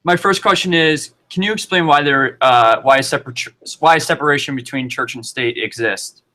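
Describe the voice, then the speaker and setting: Man, mid pitch, bright forceful tone, polite halting interviewer. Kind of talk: interview questions.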